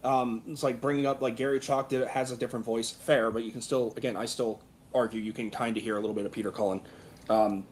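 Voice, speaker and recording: A man's voice: mid-range voice, steady tone, fast, a little mellow, a little hiss or hum. Rambling, enthusiastic man on a stream. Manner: rambling, restarts sentences, enthusiastic. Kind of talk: casual group chat on a live stream.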